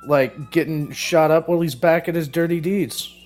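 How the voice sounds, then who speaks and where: A man's voice: fairly high pitch, steady tone, normal speed, a little mellow, faint music behind. A man co-hosting a podcast, telling laid-back anecdotes in casual profane banter. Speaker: podcast co-host.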